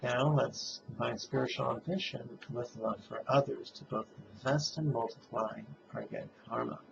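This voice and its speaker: A man leading a guided meditation, chanting a mantra slowly in call-and-response and drawing out each syllable. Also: mid-range voice, fairly even intonation, vocal fry, dull audio, noisy background. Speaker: meditation teacher.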